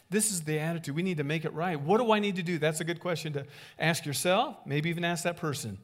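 A man preaching a sermon as a pastor, animated, acting out short dialogues with big swings in loudness. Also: on the high side, quick pace.

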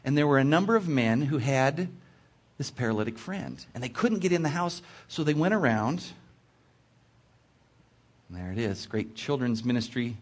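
A male preacher teaching from scripture in a husky voice. He tells the story with a lively, rising and falling delivery and breaks off into chatty asides. His pitch sits in the middle of a man's range. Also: moderate pace, long pauses. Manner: animated, expressive storytelling with asides. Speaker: preacher in children's ministry. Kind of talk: sermon teaching from Bible text.

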